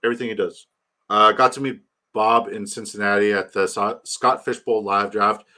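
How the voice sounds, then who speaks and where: A man's voice: lowish voice, fairly even intonation, moderate pace, sharp tone. A man hosting a casual livestream, rambling about his draft, reading chat aloud and hyping a giveaway. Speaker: livestream host.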